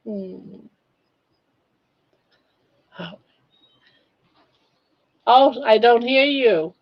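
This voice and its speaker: Slow, cooing older woman on stream. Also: a little high. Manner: cooing baby talk to her dog, chatty. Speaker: live stream host. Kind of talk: casual live stream chat. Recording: dull lo-fi stream audio.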